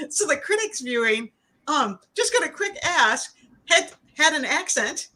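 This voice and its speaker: A middle-aged woman hosting a casual interview, laughing often and asking quick questions. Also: high voice, big pitch swings, sharp tone. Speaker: podcast host.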